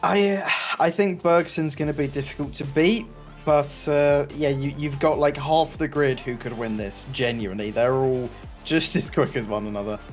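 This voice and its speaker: A man chatting as co-commentator on a sim race broadcast, animated and prone to excited exclamations. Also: a little high, moderate pace. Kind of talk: casual commentary chat. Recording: faint music bed behind.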